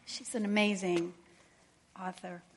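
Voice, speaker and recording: A woman preaching a sermon, telling a personal story in an earnest, quiet and intimate way. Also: lowish voice, little pitch movement, unhurried, a little hiss or hum. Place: church. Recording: long church reverb.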